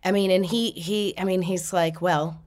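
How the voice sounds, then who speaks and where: A woman's voice: lowish voice, steady tone, normal speed, darkish tone. A woman host giving a spiritual reading, passing on messages with frequent laughter. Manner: relays messages in quotes, laughing often. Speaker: psychic medium.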